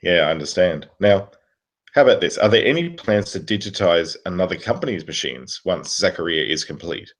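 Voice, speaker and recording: A man co-hosting a podcast with a very deep voice and a husky edge. He reads listener questions aloud in an easygoing, casual way. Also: lively intonation, brisk. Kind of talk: casual chat.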